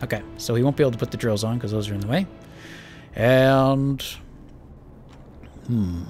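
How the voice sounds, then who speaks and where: A man's voice: lowish voice, very fast, dark tone, faint music behind. A man giving casual, rambling let's-play commentary while playing a space building game, joking at his own expense. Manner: chatty, rambling, self-mocking. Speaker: gaming channel host.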